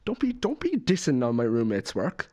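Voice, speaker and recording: A man hosts a podcast in the studio, chatting casually and joking at his own expense. His pitch moves around a lot. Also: huge pitch swings, normal speed, darkish tone. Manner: jokey, self-deprecating, swears casually. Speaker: podcast host. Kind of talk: casual chat. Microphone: studio podcast mic.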